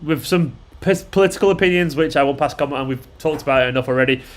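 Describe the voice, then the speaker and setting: A man's voice: a little high, fast talker, a little hiss or hum. A man hosting a fan live stream, chatting casually and bluntly, swearing and rambling with lots of fillers. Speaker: fan channel host.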